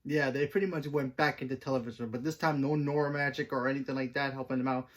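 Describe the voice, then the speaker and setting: A man's voice: medium pitch, fairly even intonation, fast talker. Guy reviewing a tv episode on his channel, chatty and rambling, lots of um and uh, restarts sentences. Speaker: host.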